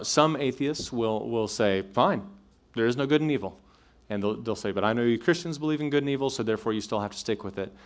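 Chatty man giving a talk. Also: fairly low pitch. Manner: conversational, frequent fillers and restarts, checks in with listeners. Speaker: speaker addressing college students. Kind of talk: apologetics talk to a live audience.

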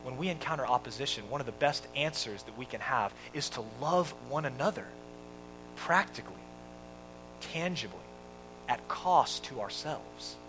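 A man's voice: medium pitch, expressive, normal speed, noisy background. A man preaching a sermon in church, explaining a scripture passage and acting out a quoted scene for the congregation. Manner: preaching with dramatic quoted voices. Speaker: pastor.

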